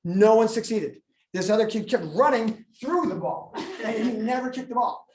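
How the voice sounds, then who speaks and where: A man's voice: sits high, normal speed, a little hiss or hum. A man, a school administrator, giving a live presentation to parents, telling funny stories and acting out students. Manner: animated storyteller, jokes and acts out students. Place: school meeting room. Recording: echoey room, live meeting.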